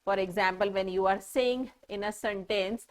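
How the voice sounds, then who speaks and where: A woman teaching a grammar lesson to children, speaking patiently and pausing deliberately to show how punctuation changes meaning. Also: medium pitch, fairly even intonation. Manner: patient, explaining with deliberate pauses.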